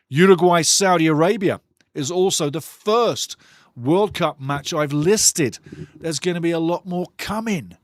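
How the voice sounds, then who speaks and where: A man's voice: fairly high pitch, no echo, clean studio sound. A man hosting a live football watchalong, talking passionately and ranting about refereeing calls in a chatty way. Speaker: watchalong host.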